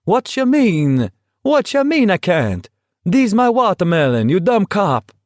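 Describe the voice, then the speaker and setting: Man voicing a high, loud Italian street vendor, defiant, broken English, storybook audiobook. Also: sing-song, unhurried, dry recording, studio quality. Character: excitable Italian male fruit vendor, defiant.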